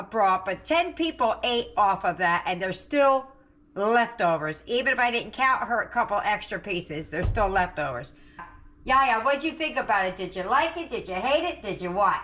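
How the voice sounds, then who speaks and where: A woman's voice: a little high, fairly bright tone. A middle-aged woman hosting a home cooking channel, chatting and giggling in a homey way while she tastes her dinner. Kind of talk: casual chat while taste-testing food. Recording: echoey room.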